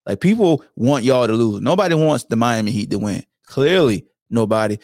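A podcast host trash-talks in a loose, playful voice. His pitch swings up and down all the time. The sound is close and dry, with no room around it. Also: lively intonation, brisk, no echo. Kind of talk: casual sports talk.

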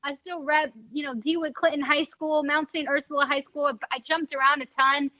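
Chatty bright-voiced Bronx woman. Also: sits high, level tone, moderate pace, dry recording. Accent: New York (Bronx). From the Bronx, New York. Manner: chatty, lots of fillers like "like" and "you know". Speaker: NFL team reporter and podcast host. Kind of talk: casual interview chat. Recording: dull, dry, slightly lo-fi sound.

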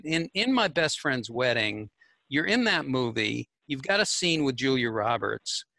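A male podcast host leads an interview with eager, rushed questions and generous compliments. His voice is bright and forceful. The sound is dry, with no room echo. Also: medium pitch. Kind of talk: casual interview.

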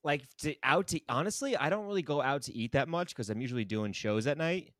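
A man's voice: medium pitch, lively intonation, fast talker, a bit bright, no room sound, studio quality. Brash New York man in his thirties. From Queens, New York. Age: 30s. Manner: blunt, brash, swears freely. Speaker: guest comedian. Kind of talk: casual podcast chat.

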